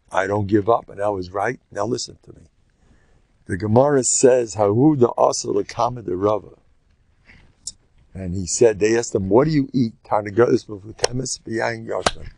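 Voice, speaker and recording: With a fairly low, gravelly and husky voice, an older rabbi leads a Torah class at a normal pace, animatedly impersonating those he quotes as he leaps between stories. There is no room sound.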